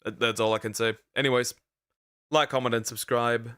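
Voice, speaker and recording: Male streamer, bright tone, dry close mic, stammering jokey reactions. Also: mid-range voice, fairly even intonation, moderate pace, clean tone, dry recording. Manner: rambling, stammering, jokey asides. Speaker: VTuber streamer reacting to videos. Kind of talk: casual reaction commentary. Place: lives in Germany.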